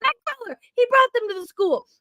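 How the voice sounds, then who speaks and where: A woman co-hosting a podcast, recapping a movie in a rambling, excitable, playful way. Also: extremely high pitch, brisk, no echo. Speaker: podcast co-host recapping a film. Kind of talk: casual podcast chat.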